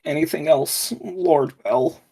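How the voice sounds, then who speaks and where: A woman voicing a kneeling, servile adventurer who speaks slowly, hushed and deferential. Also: sits low, gravelly, slightly rough, full character voice.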